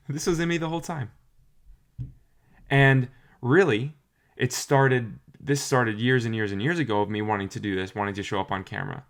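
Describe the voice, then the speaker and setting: A man's voice: mid-range voice, normal speed. Earnest man talking to camera. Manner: earnest, repeats phrases for emphasis. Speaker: motivational vlogger. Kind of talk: encouraging talk to camera.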